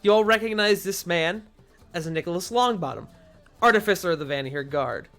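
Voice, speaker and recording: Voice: mid-range voice, expressive, normal speed, fairly bright tone, soft background music. A game master narrating a tabletop game in a casual way, with lots of fillers and laughs.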